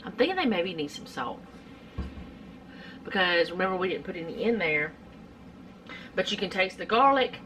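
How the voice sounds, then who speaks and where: A woman's voice: on the low side, sing-song, moderate pace, pauses often, sharp tone, a little hiss or hum. A middle-aged woman, chatting casually through a home cooking vlog in her kitchen, rambling with lots of fillers.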